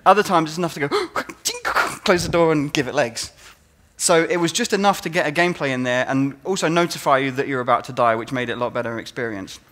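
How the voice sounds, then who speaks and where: A man's voice: medium pitch, racing, few pauses. A man giving a conference talk as a game designer, telling stories and acting out players' reactions. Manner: animated storytelling, acts out players' reactions.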